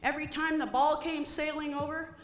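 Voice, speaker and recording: A middle-aged woman performing a stand-up comedy set, animated and acting out quoted voices. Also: sits high, brisk, reverberant. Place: comedy stage before an audience.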